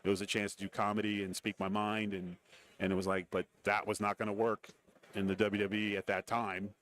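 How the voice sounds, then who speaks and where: A man's voice: fairly low pitch, flat delivery, brisk, a bit bright, a little hiss or hum. A man being interviewed on a radio show, rambling through stories about his career and acting out quotes. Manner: rambling anecdotes with acted-out quotes. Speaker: interview guest, former wrestler. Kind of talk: casual interview storytelling. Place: radio row at a large event.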